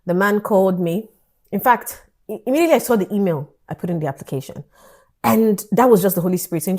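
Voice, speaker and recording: A woman, telling a personal story in an animated vlog style and acting out the dialogue. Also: mid-range voice, fast talker. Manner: animated storytelling, acts out dialogue, laughs often. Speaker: vlogger.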